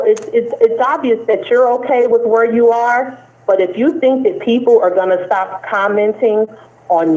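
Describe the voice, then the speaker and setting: A woman lecturing in a live-stream argument, talking down with a condescending tone and stumbling restarts. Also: a little high. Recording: tinny phone line.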